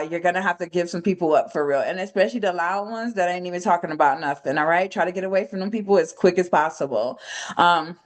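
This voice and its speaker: A young adult woman running a casual trading lesson, loose and slangy, swearing freely and rising sharply when she retells a story. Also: fairly low pitch. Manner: animated when retelling stories, voice jumps up. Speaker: trading mentor. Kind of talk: casual teaching session on a call.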